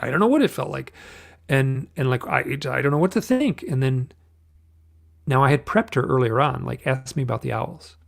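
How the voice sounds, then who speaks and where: A man telling a personal story in an interview, halting and restarting often, acting out the voices of the people he quotes. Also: mid-range voice, animated, creaky. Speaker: guest.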